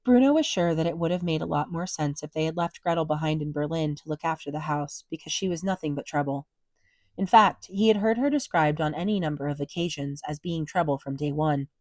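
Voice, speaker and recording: Low-voiced woman reading a novel out loud, calm and even, super dry sound. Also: fairly quick, no echo. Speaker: reader.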